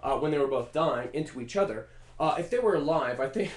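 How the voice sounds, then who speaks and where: A man riffing in a casual comedic monologue, animated and profane, rambling with fillers. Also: on the high side, brisk. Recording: roomy echo.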